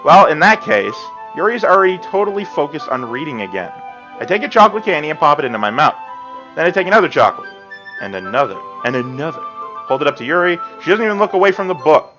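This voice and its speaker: A man's voice: fairly high pitch, sing-song, bright, forceful tone, highs cut off, soft background music. Sarcastic male gamer reading a visual novel. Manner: sarcastic, quick reactive, swears. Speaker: let's play gamer.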